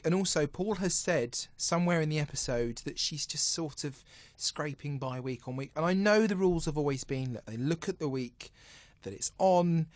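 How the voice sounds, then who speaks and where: A man's voice: fairly high pitch, dry recording. A man co-hosting a podcast, chatting animatedly, laughing and acting out what people said. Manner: animated, laughs often, acts out quotes. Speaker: podcast co-host. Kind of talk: casual chat.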